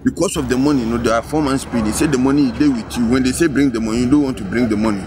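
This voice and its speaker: An actor with a Ghanaian Pidgin accent playing a concerned colleague who gives a steady warning. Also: male voice, mid-range voice, very fast, a crowd in the background, natural voice.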